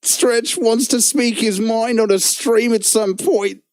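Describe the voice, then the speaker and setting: A man mimicking a whiny, aggrieved young man who talks in a slow, wounded, plaintive way. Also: very high-pitched, a little mellow, no echo, voice pushed up.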